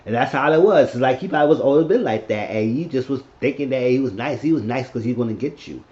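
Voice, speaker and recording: A man in a casual, rambling recap, talking at a middling pitch. He swears freely and keeps an easygoing flow. The audio is dull and lo-fi. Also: animated, fast, dark tone. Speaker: show reviewer.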